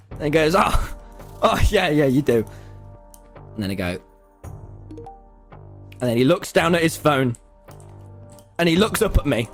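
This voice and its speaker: A man telling a comedic story to his viewers, acting out the dialogue and laughing a lot. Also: on the high side. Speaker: video creator.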